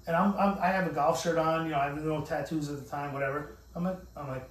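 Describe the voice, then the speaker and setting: A man tells a meandering, profane story, full of restarts and quoted lines. His voice sits a touch high. He sounds set back from the mic in an echoey room. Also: fairly even intonation, quick pace, far from the mic. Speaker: podcast host. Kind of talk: casual storytelling chat.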